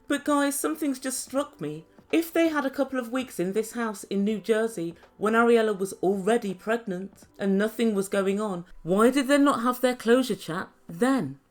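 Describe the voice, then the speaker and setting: A woman recapping reality TV episodes in a sarcastic, gossipy tone with dramatic pauses. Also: a little high. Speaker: reality TV reviewer.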